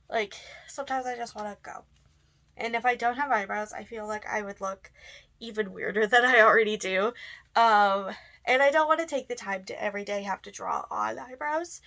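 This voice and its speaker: A woman's voice: medium pitch, creaky, a bit bright. A woman answering tag questions in a casual, chatty vlog, with lots of fillers and laughs. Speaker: goth vlogger.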